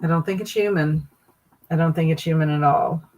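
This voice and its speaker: A woman's voice: low voice, a little fast, a little mellow, low-quality recording. A woman hosting a casual livestream, reacting with amused, laughing commentary. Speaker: livestream host.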